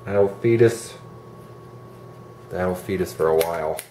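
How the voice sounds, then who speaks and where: A man's voice: deep voice, takes it slowly. Joking man hosting a cooking demo. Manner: joking, self-deprecating. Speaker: cooking video host. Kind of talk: casual cooking demo banter. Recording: echoey room with light noise.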